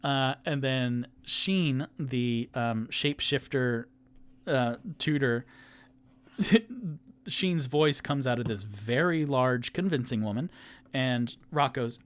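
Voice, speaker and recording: A man's voice: medium pitch, lively intonation, slow. A man who is the game master and sole player of a tabletop game, narrating in a rambling, casual way.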